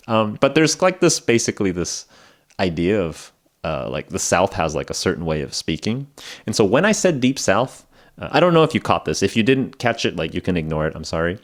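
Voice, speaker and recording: A man's voice: low voice, very animated, a little fast. A man hosting an English-learning podcast, talking in a casual, rambling way with lots of fillers and laughing at himself. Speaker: podcast host teaching English. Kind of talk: casual spoken lesson. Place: lives in Japan.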